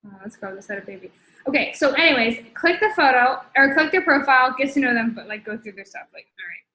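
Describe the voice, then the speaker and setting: A woman's voice: high voice, animated, fast, bright, forceful tone, echoey room, poor audio. A young woman hosting a casual coaching talk, using slang and thinking aloud as she dictates a message while typing. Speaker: host coaching sellers. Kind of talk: casual instructional live talk.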